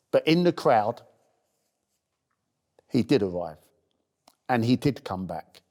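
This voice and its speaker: A man's voice: fairly low pitch, warm tone. A man earnestly telling a heartfelt personal story in a documentary. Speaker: first-aid campaigner.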